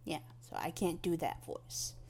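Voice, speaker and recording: A woman's voice: low-pitched, wildly swooping pitch, unhurried, gravelly, darkish tone, husky. A young woman rambling casually through a questionnaire, meandering and self-deprecating, often restarting her sentences.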